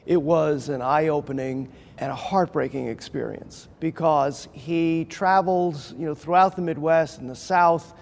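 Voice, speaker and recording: Higher-voiced man in a reverberant room. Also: unhurried, gravelly, hardly any pauses, a little mellow. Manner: recounting with fillers. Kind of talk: interview commentary. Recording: long reverb.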